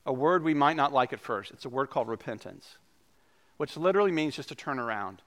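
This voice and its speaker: A male pastor preaching a sermon in a conversational, animated way. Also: medium pitch, a little fast.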